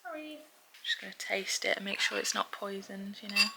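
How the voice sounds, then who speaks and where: This vlogger, a woman with a Northern English accent, chats to camera at a moderate pace in a mid-range voice. Filming in her home kitchen, she laughs easily and plays up mock outrage over small matters, with clear home background noise.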